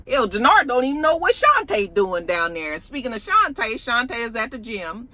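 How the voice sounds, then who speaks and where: A reviewer giving an animated, profane recap of a TV episode, acting out the characters' lines. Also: medium pitch, moderate pace, few pauses.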